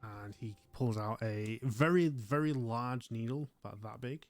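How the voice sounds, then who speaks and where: A man's voice: medium pitch, measured pace, soft background music. A man narrating a tabletop game as game master in a casual, rambling way.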